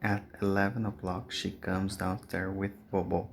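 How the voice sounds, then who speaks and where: A man reading a storybook aloud as narrator, slowly and clearly. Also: low voice, monotone, a little hiss or hum.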